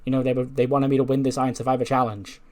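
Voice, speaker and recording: A man's voice: medium pitch, flat delivery, very fast, darkish tone, natural voice. A man voicing a timid, eager young female wrestler who answers meekly and stammers. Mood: meek, hesitant. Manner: hesitant, meek, stammering.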